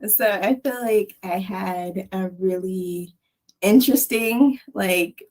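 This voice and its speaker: A woman's voice: medium pitch, takes it slowly, darkish tone, poor audio. Chatty Texan woman podcast host. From Texas. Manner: chatty, laughs often, says "like". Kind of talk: casual podcast chat.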